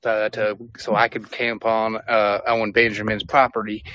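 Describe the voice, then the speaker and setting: A man's voice: fairly low pitch, little pitch movement, moderate pace, pushed and bright, no room sound, muffled recording. A man playing a crude, boastful male survivalist vlogger in a comedic impression video, rambling and profane.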